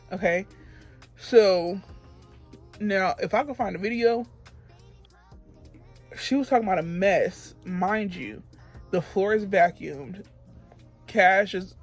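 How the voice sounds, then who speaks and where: A young woman telling a story about quitting her job while getting ready on camera. She vents in a heated, emphatic way and often repeats herself. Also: medium pitch. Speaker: beauty vlogger.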